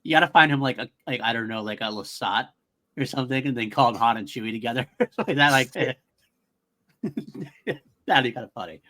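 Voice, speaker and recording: An excitable man co-hosting a casual podcast, his voice bright and forward. He talks emphatically, circling back and repeating his points. Mid-range pitch, easygoing chat. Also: fairly quick, long pauses. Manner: enthusiastic, emphatic, repeats himself. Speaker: podcast co-host.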